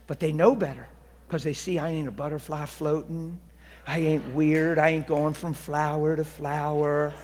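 A man preaching a testimony sermon, moving between hushed confiding and loud, excited preaching. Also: a little high, moderate pace. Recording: long reverberant hall.

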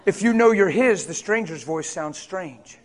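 A man preaching to a congregation, animated and conversational, sometimes dropping to a hushed voice to act out a tempting whisper. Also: sits high, a little slow. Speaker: pastor. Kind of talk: sermon.

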